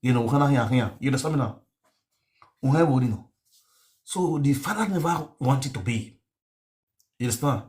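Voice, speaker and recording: A man's voice: medium pitch, fairly quick, pauses often. A man with a Nigerian accent telling a rambling story on a live stream, mixing pidgin with a local language and repeating words. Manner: mixes pidgin and local language, repetitive, animated. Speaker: online show host.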